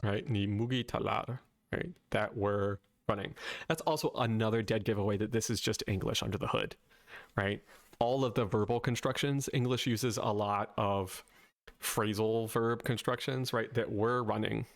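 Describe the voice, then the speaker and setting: Brief: male linguistics video host, light Southern American accent, gravelly low voice, dry close sound, conversational and explanatory. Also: moderate pace, dry recording. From southern United States. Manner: conversational, checks in with "right?" after points. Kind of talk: casual explainer.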